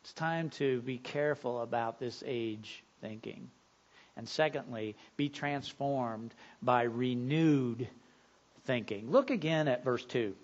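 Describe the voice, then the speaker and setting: A male pastor in his fifties preaching a sermon earnestly, building louder and higher on key points. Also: slow pace, highs cut off.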